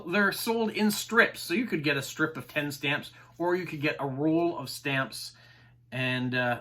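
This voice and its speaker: A man's voice: medium pitch, bright, forceful tone. A man hosting a stamp collecting channel, chatting enthusiastically to camera and explaining terms, with frequent "uh"s. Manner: enthusiastic, chatty, says uh often. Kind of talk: casual explanatory chat to camera.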